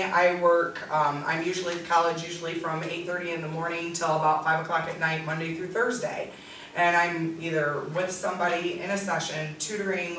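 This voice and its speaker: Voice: mid-range voice, bright, forceful tone, a little hiss or hum. Presenter in a very echoey room, distant mic. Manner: practical, direct, many ums. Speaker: tutor and SI leader presenting. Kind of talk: workshop presentation.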